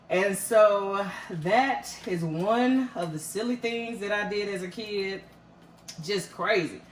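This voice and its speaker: A woman's voice: medium pitch, slow, distant mic. A woman, chatting through a home cooking demonstration in a folksy, storytelling way full of fillers. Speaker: cooking vlogger. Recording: roomy echo, mic set back, faint room noise.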